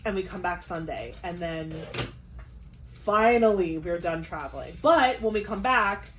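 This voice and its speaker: A young woman chatting casually on her craft vlog, talking fast with lots of "like" and quick asides. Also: lowish voice, expressive, slight background noise. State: pregnant. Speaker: craft vlogger. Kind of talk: casual chat.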